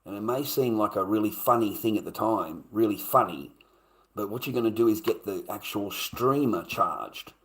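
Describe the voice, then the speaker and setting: A man's voice: fairly low pitch, normal speed, fairly bright tone. An Australian man livestreaming, ranting in a blunt, profane way and repeating his points. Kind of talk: casual live stream rant.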